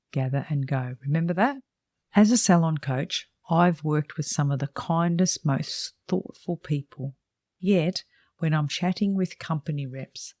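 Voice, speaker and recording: A woman's voice: low-pitched, a little mellow, dry recording, clean studio sound. A woman salon coach reading her own book aloud, giving direct and emphatic advice. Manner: direct, emphatic, plain-spoken.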